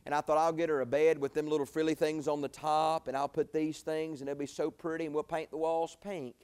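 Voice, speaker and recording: A man's voice: a little high, level tone, fairly quick, a little mellow, clean tone. A middle-aged man preaching a sermon, telling a folksy personal story that climbs to pleading, emotional peaks.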